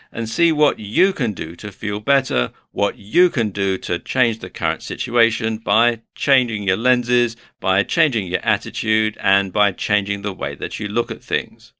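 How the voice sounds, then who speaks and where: Man, online course teacher, motivational, earnest, bright tone, dry close sound. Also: lowish voice, normal speed, few pauses, dry recording. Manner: earnest, advice-giving, lists points in order. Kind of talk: motivational lecture.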